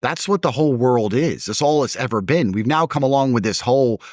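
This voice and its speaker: Emphatic man with swinging pitch. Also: lively intonation, a little fast, dry recording, studio quality. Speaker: interview guest. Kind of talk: heated conversational argument.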